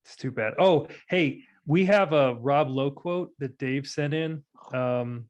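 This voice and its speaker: A man from Ohio hosting a casual chat, loose and self-deprecating with halting restarts. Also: mid-range voice, dull audio.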